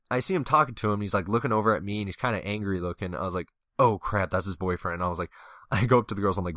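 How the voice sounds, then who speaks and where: A young man with a low, bright voice and close, dry sound tells a rambling anecdote over gameplay. He laughs often and acts out the other people's lines, jumping way up in pitch for the punchlines. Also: no room sound. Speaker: gameplay commentator. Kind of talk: casual storytelling commentary.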